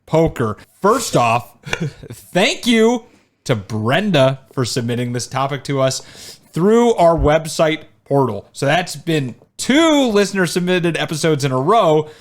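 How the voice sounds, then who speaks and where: A man co-hosting a podcast in casual chat, relaxed and joking, often trailing off with fillers. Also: a little high, measured pace. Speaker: podcast co-host.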